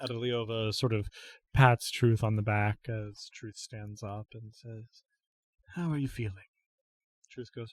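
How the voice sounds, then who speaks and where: A man narrating a tabletop role-playing game as game master, quietly voicing the characters in an unhurried way. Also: lowish voice, fairly even intonation, no echo.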